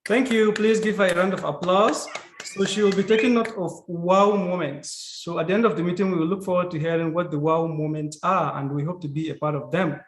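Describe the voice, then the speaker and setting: A man's voice: high voice, steady tone, brisk. Formal man announcing in an echoey room. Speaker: general evaluator. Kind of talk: meeting role introduction.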